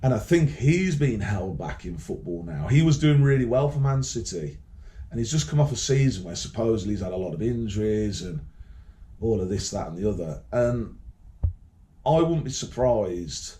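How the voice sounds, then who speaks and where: A man's voice: fairly low pitch, animated, moderate pace, warm tone. A man from Birmingham with a Birmingham accent, talking in a rambling, profane and combative monologue that repeats words and restarts often. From Birmingham, England. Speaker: vlogger. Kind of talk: casual to-camera monologue.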